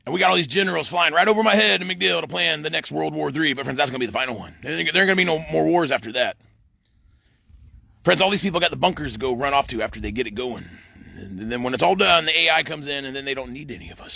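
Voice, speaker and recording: Dude vlogging on his phone outside, bright raspy voice, keeps going "friends". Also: on the high side, fast talker, no room sound. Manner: says "friends" in nearly every line, rambling and excitable. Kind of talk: rambling monologue to camera.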